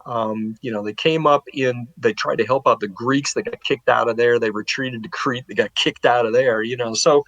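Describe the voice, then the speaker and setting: A man, a guest historian, telling war history in a relaxed, animated way and acting out the people he talks about. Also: mid-range voice, normal speed, hardly any pauses, dry recording, dull audio. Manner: animated, acts out historical figures in paraphrase. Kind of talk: casual spoken history storytelling.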